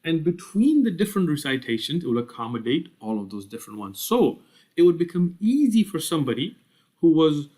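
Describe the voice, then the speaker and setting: A man's voice: fairly high pitch, big pitch swings, a little fast, dark tone. A man giving a lecture on Islamic studies, explaining step by step, often asking "right?" and using fillers. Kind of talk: lecture with slides.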